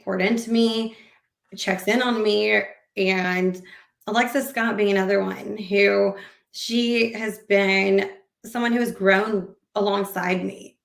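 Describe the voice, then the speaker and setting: A woman in casual podcast conversation, her voice carrying a gravelly edge. She talks animatedly and slips into acted-out quotes of what people said. The recording sounds roomy, with noticeable echo. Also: mid-range voice. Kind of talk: casual interview chat.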